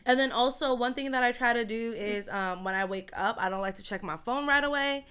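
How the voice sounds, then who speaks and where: A woman co-hosting a casual chat, chatty and quick to laugh, who says she talks fast. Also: fairly high pitch, fairly bright tone, clean tone. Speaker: co-host.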